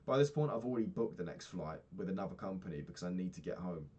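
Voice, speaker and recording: Young man, low voice, casual sweary vlog ranting. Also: animated, quick pace, warm tone, breathy edge. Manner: rambling, swears a lot, ranting. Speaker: vlogger.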